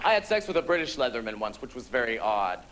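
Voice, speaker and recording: A man performing a stand-up comedy set on a theatre stage, campy, with quick punchlines. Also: mid-range voice, sing-song, a crowd in the background, background noise. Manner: campy, rapid punchlines with quoted voices.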